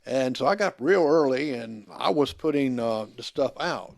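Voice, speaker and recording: A man's voice: mid-range voice, expressive, normal speed, creaky, dry recording. Laid-back host man. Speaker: podcast host. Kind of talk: casual chat.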